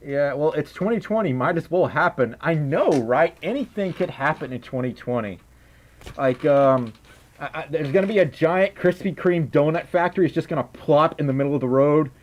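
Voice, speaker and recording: A man's voice: on the high side, moderate pace, muffled recording. A man with a slightly raised voice chats his way through a late-night livestream. He sounds tired, rambles, and keeps breaking into giggles as he thanks viewers for donations. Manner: giggly, rambling, laughs often. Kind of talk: casual livestream chat.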